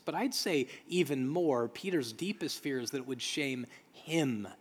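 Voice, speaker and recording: A man's voice: on the high side, animated, normal speed, hardly any pauses, husky. Earnest preacher man, reverberant hall. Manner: earnest, emphatic repetition. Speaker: pastor. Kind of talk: sermon.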